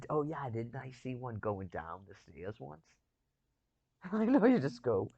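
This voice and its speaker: A man's voice: mid-range voice, big pitch swings, takes it slowly, vocal fry, pauses often, a little mellow, husky, no room sound, highs cut off. A man in casual chat, rambling and chuckling as he talks, with loose, profane phrasing.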